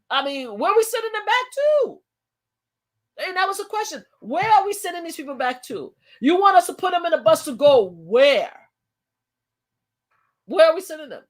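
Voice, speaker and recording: A woman's voice: very high voice, big pitch swings, moderate pace, long pauses. A woman hosting a live stream, talking casually in an emphatic, heated way and often repeating and restarting her phrases.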